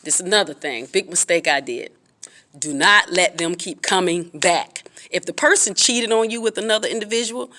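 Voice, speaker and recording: A woman's voice: moderate pace, bright, forceful tone. Lady talking straight to camera about heartbreak, earnest and a bit preachy. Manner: earnest, repetitive, preachy with emphatic pitch swings. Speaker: vlogger giving relationship advice. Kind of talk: casual advice talk to camera.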